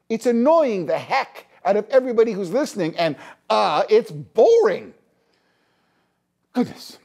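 Middle-aged canadian guy ranting on his podcast, fed up and lively, voice jumping up and down a lot. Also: high voice, normal speed. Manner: exasperated, scolding, animated. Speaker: podcast host. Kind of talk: opinion commentary monologue.

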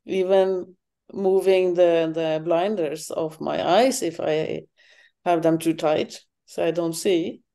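A woman guest speaking in a slow, thoughtful, halting way during a spiritual conversation. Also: lowish voice, steady tone, gravelly, mellow. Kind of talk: reflective conversation.

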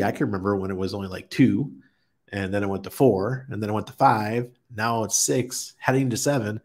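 A man hosting a casual livestream, chatting easily with viewers and chuckling often as he reads their comments. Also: lowish voice. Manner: relaxed, chuckles often, greets chat viewers by name. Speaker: crypto livestream host. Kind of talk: casual live-stream chat reading viewer comments.

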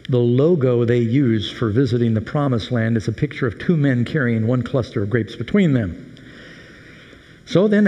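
A man's voice: mid-range voice, a little mellow. A male pastor preaching a sermon, telling the story with humor and animation in a large hall. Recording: echoey hall reverb.

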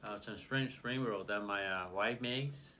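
A man hosting a casual food vlog, talking in a relaxed, chatty way with lots of fillers while he eats. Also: lowish voice, a little slow, a little hiss or hum. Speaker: channel host.

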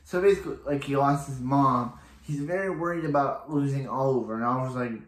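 A man's voice: medium pitch, fairly quick, hardly any pauses, reverberant. A man reviewing a TV episode in a casual, rambling recap full of restarts and filler words.

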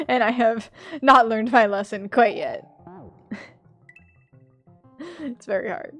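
A woman streaming a platform game, chatting with her viewers, laughing a lot and yelling loudly when she fails. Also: on the high side, slow, soft background music. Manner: chatty, laughs often, bursts into loud yells at failures. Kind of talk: casual live-stream commentary.

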